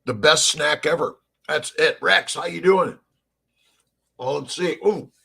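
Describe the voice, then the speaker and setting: A man's voice: a little high, a little slow, creaky, sharp tone, husky. A middle-aged man from Southern California hosting a casual morning livestream, upbeat and rambling, greeting viewers by name. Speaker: livestream host.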